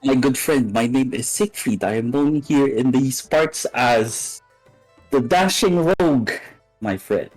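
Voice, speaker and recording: A player in a tabletop game, speaking in character with a grandiose, drawn-out delivery. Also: female voice, rumbling low, animated, darkish tone, faint music behind.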